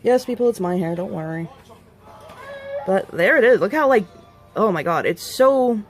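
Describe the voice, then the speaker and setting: A woman vlogging a casual hands-on demonstration, chatting and rambling to viewers as she works, with playful warnings and quick asides. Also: medium pitch, expressive, faint music behind. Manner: chatty and rambling, talks to viewers while working.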